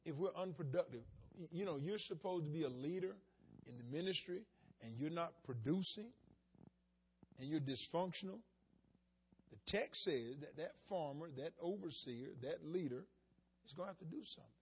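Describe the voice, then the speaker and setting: A man in the pulpit with a fairly high, husky voice, preaching a sermon. He drops into soft, chatty asides, then climbs to loud, shouted emphasis. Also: expressive, normal speed. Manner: preaching with sudden shouted rises and quiet asides. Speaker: pastor.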